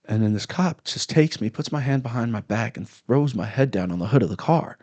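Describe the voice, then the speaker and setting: A comedian guest chats casually, narrating a story with lots of energy and loudly impersonating the angry cops. His pitch is medium and his pace a little fast, with no room sound.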